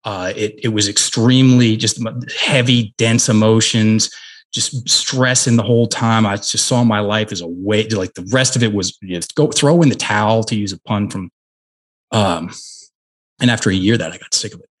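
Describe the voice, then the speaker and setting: Interview guest, middle-aged man, husky and a bit low, earnest and halting. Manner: earnest, with frequent restarts and emphatic pauses. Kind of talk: conversational interview storytelling.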